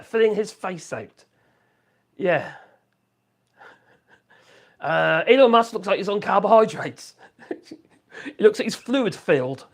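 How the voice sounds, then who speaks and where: A man chatting casually on a live stream from his home office, rambling and reacting to viewer comments. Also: sits high. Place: home office room with wood burner.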